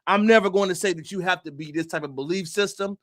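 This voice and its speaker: A man hosting a commentary livestream, talking emphatically to his viewers with rhetorical questions and punchy repeated phrases, sometimes shouting. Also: high-pitched, fast, no room sound, studio quality. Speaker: livestream host.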